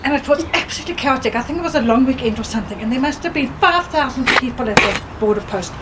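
A woman with a very high voice recalls a trip quickly and emphatically. She sits off-mic, and clear noise runs under her words. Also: lively intonation. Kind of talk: casual recollection.

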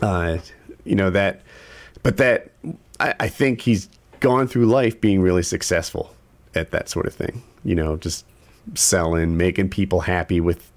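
A man's voice: low-pitched, steady tone, measured pace. A man telling a long story in casual conversation, rambling and profane, with lots of restarts.

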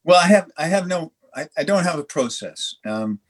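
Husky-voiced man telling stories haltingly. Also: fairly high pitch. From Canada. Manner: halting, frequent restarts and animated quoted dialogue. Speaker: dry stone waller, guest. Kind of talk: conversational storytelling.

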